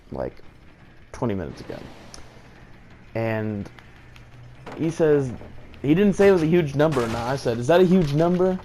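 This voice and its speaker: A man's voice: medium pitch, darkish tone, slight background noise. A man, a gaming video creator, ranting casually and indignantly, rambling with lots of fillers and laughs. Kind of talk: casual rant to camera.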